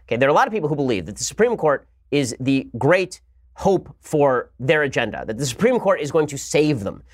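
A man's voice: mid-range voice, no room sound, studio quality. A man hosting a political commentary show, delivering a combative monologue in a sarcastic, mocking manner.

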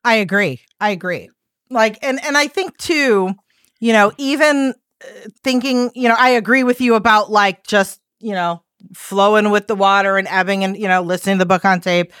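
A woman's voice: mid-range voice, moderate pace, fairly bright tone, smooth, no echo, clean studio sound. A woman on a podcast as a guest, telling a story in a candid, rambling way and swearing freely.

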